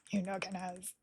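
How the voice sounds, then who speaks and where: A woman's voice: mid-range voice, warm tone, slightly rough. A woman streaming a game live, chatting casually with her viewers and her game characters and giggling often. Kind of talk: casual live gameplay commentary.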